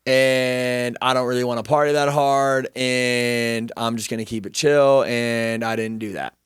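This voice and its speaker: Young man, casual storyteller, profane and self-mocking, smooth voice, dry close mic. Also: medium pitch, steady tone, measured pace, no echo.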